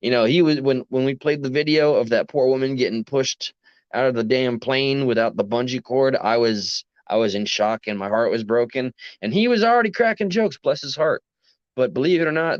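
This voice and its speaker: A man's voice: medium pitch, no room sound. A man with a New York accent, ranting earnestly and rambling to his live chat late at night, tired after a long workday. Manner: rambling, self-interrupting, earnest. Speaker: livestream host. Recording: dry, dull lo-fi sound.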